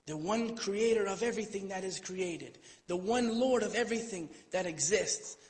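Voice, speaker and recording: An Islamic lecturer, his voice slightly high for a man, speaks at normal speed in a hall to a live audience. His storytelling sermon is conversational, with playful asides and acted-out quotes, and each phrase trails into long reverb.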